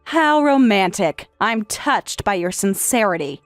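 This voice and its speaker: A woman voicing a calm, sarcastic wife in a text-message story, speaking in a matter-of-fact way. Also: mid-range voice, unhurried, no room sound, faint music behind, close to an everyday voice. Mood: cool, sarcastic. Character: calm, sarcastic wife who has left her husband.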